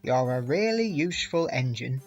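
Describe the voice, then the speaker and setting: A man voicing a portly railway boss who speaks in a measured, fatherly way, stern yet kind. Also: mid-range voice, very animated, dull audio, faint music behind. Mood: kindly.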